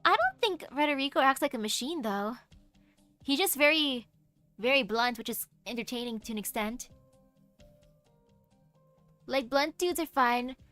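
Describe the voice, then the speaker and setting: A chatty young woman talks over her game stream in a bright, higher voice, slipping into goofy, playful asides. The mic is close and the sound dry, with faint music underneath. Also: lively intonation, unhurried, pauses often, dry recording. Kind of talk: casual game-stream chat.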